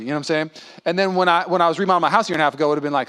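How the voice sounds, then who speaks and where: Pastor, male, 30s, sermon delivery, high voice, lively storytelling with voiced quotes. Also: very fast. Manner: animated, acts out voices in quotes.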